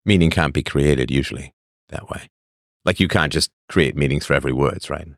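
A man with a gravelly voice hosts a live stream, talking a little fast as he goes through chat messages and voices his opinions, repeating points as rhetorical questions. His pitch swings lively and animated, captured in clean studio sound without room echo.

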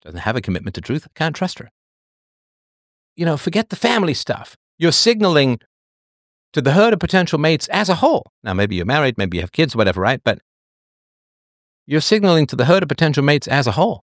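A man's voice: a little high, very animated, fairly quick, pauses often, dry recording, studio quality. A man hosting a talk show, lecturing a caller emphatically and mocking excuses in quoted voices. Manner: emphatic, lecturing, mock-quoting others in a raised voice. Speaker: show host answering listeners. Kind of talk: emphatic monologue to a listener.

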